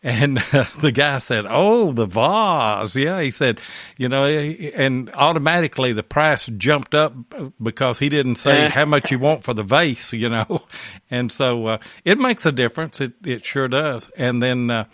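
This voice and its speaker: A man's voice: mid-range voice, normal speed, fairly bright tone, no room sound, studio quality. A man hosting a podcast, telling folksy stories in a casual chat and laughing through them. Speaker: podcast host.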